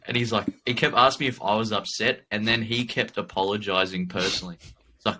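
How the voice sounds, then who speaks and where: Man, New Zealand accent, podcast co-host, animated swearing, bright tense voice, faint background hiss. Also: mid-range voice, a little fast. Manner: animated, profane, laughing along. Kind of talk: casual chat.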